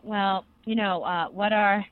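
A young adult co-host excitedly rambling through an anime recap in casual podcast chat, full of fillers. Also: medium pitch, measured pace, no echo. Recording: tinny phone-like sound.

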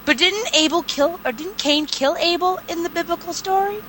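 A woman in casual chat, reacting excitedly to a story she is being told. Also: very high voice, normal speed, a little hiss or hum.

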